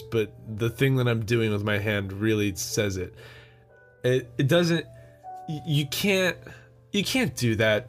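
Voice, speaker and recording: Young american dude rambling on his own podcast, slow and joking, some music faintly behind. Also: mid-range voice. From United States. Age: young adult. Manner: rambling and joking, with lots of fillers and laughs. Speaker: podcast host. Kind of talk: solo casual chat.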